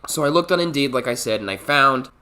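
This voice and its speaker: Young male storyteller, swearing and animated, lively pitch that jumps around. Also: fast talker. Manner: animated, profane, acts out quoted voices. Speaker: storytime YouTuber. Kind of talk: comedic storytime monologue.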